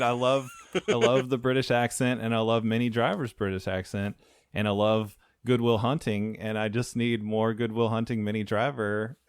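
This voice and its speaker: A man with a lowish voice co-hosts a film podcast in a loose, joking way, tripping over and repeating his words. The sound is close and dry, with no room echo. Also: clean tone. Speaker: podcast co-host. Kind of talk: casual movie review chat.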